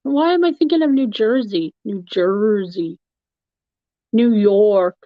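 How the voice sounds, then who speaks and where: Woman, live-stream host, easygoing rambler, unhurried delivery, dry lo-fi home recording. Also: medium pitch, dry recording. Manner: chatty, rambling, laughs often. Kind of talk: casual chat answering a live chat. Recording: dull, lo-fi, dry sound.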